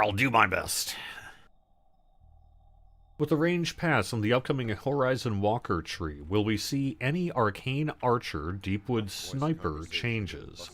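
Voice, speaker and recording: A man's voice: on the low side, no room sound. A man hosting a casual gaming livestream, chatting loosely and answering viewer questions as he plays. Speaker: livestream host.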